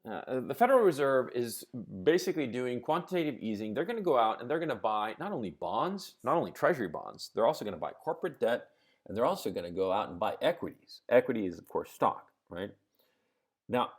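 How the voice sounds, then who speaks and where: A man hosts a live stream in a mid-range, very animated voice at a fairly quick clip, ranting about politics and the economy with plenty of swearing. He uses everyday examples, slips into sarcastic mock quotes, and checks in with viewers.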